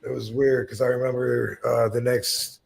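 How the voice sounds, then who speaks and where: A man's voice: mid-range voice, little pitch movement, normal speed, gravelly. A man in his fifties hosting a podcast, telling a rambling, profane, self-deprecating story in casual talk. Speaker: podcast host.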